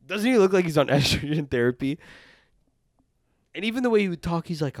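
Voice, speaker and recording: A man's voice: fairly high pitch, big pitch swings, fairly quick, pauses often, dry recording, clean studio sound. A man co-hosting a casual podcast, ranting crudely and slipping into mocking voices. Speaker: podcast co-host. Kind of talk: casual chat.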